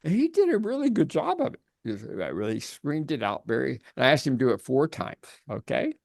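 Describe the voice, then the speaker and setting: A man coaching on a video call, telling stories in an animated way and often restarting his sentences. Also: medium pitch, a little fast, creaky, no room sound, clean studio sound. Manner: animated storytelling with frequent restarts. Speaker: life coach.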